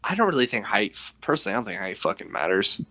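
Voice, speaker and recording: A man's voice: lowish voice, big pitch swings, quick pace, bright, forceful tone. A man co-hosting a casual podcast, rambling with lots of swearing. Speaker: podcast co-host. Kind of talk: casual chat.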